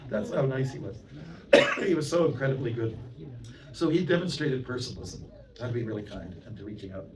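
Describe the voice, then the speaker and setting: Chatty monk lecturing in a roomy hall. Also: male voice, medium pitch, fairly quick, a crowd in the background. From Canada. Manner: chatty, anecdotal, with many "you know" asides and audience questions. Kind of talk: storytelling sermon to a temple audience. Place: temple hall. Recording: roomy hall, mic at a distance, audience present.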